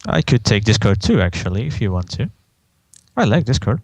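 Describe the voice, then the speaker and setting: A man's voice: lowish voice, sing-song, brisk, husky, no echo, poor audio. A man co-hosting a casual podcast chat, wry and playful. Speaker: podcast co-host.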